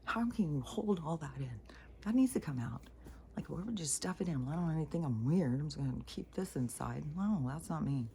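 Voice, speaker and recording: A woman rants bluntly at home with a gravelly, warm, mellow voice, swearing freely and often sinking to a near-whisper. A faint background noise sits under her voice. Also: low voice, expressive, fairly quick. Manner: blunt and heavily profane. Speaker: vlogger. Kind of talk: casual rambling rant to camera. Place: at home by a wood fire.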